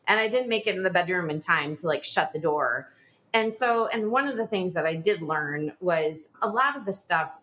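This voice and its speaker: A woman in her forties, a podcast guest telling a personal story in a rushed, animated way, full of "like" fillers. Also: on the low side. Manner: animated, talks in a rush with frequent "like" fillers.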